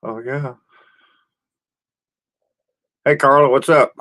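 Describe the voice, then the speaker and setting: A laid-back man chatting on his own live stream, welcoming viewers by name. His talk is homespun and unhurried, broken by easy sighs as he rambles about his day. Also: medium pitch, steady tone, a bit bright. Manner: homespun rural speech. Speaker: livestream host. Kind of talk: casual live-stream chat greeting viewers.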